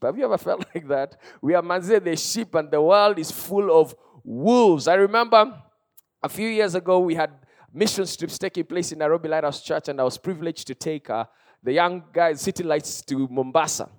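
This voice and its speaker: Kenyan man, pastor, sermon, high-pitched voice, impassioned, swings from loud to hushed. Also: normal speed. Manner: impassioned preaching that swings between loud cries and hushed storytelling.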